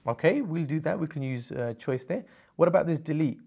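A man presenting a screen-recorded software tutorial, explaining step by step in an upbeat way with frequent check-ins. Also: on the high side, lively intonation, brisk, gravelly, husky.

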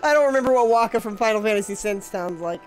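A woman's voice: mid-range voice, expressive, fast talker, over music. A woman streaming a game and bantering with a friend, joking, teasing and swearing freely. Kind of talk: casual gaming stream banter.

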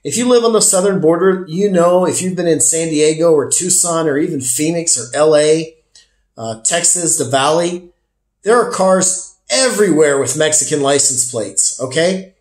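A man's voice: on the high side, normal speed. Chatty man with a raised voice, in an echoey room. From United States. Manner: chatty, emphatic, addresses viewers as folks. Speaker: vlogger. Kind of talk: casual storytelling to camera.

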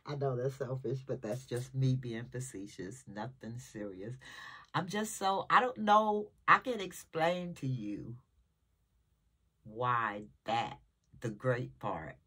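This great-grandmother vlogger has an extremely low, husky voice with a fairly bright tone and lively intonation, and she takes her time. At home, she chats casually and emotionally to her viewers, wandering from topic to topic, recorded on a nearby camera.

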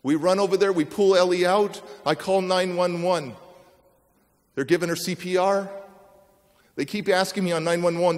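A man's voice: sits high, steady tone, normal speed. A man giving a motivational speech, telling a personal story dramatically and acting out the people in it. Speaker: motivational speaker. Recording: long reverb of a large hall.

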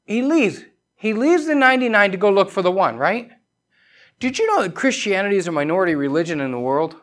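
A man's voice: high voice, big pitch swings, brisk, a bit bright. A man preaching a conversational sermon as pastor of a church, pressing questions on the congregation and telling personal stories. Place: church sanctuary.

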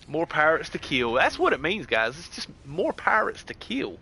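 A man from the United States with a Southern twang streams a game, laid-back and friendly, reading chat aloud and drawling "dude" and "heck yeah." His fairly high voice is bright yet gravelly, moving at a moderate pace, and his talk stays relaxed and conversational. Slight background noise is present.

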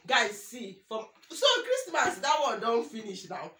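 A Nigerian woman in her thirties talks through an unboxing, slow and emotional, exclaiming and repeating herself. Her voice is bright and a little high. It is recorded in an echoey room with faint noise behind her. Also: expressive. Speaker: vlogger. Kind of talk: excited unboxing chat with prayers.

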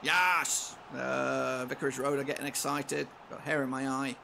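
A man commentating live on his football game, swinging from low mutters to shouted outbursts and swearing often. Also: level tone, a little slow, vocal fry, slight background noise. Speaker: gaming channel host.

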